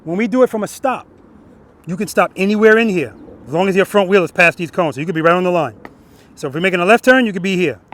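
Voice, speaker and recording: This riding instructor's voice is high, fairly bright, and quick as he teaches a group of riders outdoors on a practice lot. He keeps questioning them, finishing his points with "right?".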